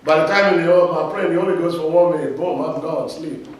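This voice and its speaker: A man's voice: a little high, fast talker. A male pastor preaching a sermon, emphatic and leading his congregation in call-and-response. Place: church. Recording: echoey hall, mic from far off.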